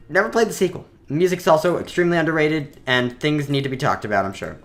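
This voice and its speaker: A man's voice: on the high side, moderate pace, fairly bright tone, faint music behind. A man giving enthusiastic, rambling let's play commentary, with lots of fillers as he plays a video game. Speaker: gaming video host.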